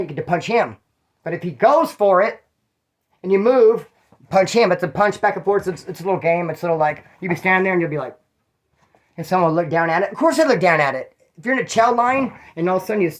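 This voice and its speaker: A man from California telling stories in a casual, rambling way, full of street slang and swearing. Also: high-pitched. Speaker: channel host telling prison stories. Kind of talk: casual storytelling.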